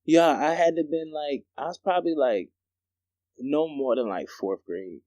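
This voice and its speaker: A young man co-hosting a podcast, telling stories in a slangy, animated way and laughing often. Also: fairly high pitch, unhurried, dry recording. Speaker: podcast co-host. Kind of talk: casual chat.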